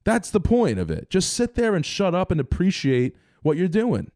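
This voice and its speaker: A young man co-hosting a podcast, telling stories in a rambling, animated way with lots of fillers. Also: high-pitched, moderate pace, no echo, studio quality. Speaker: podcast co-host. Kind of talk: casual chat.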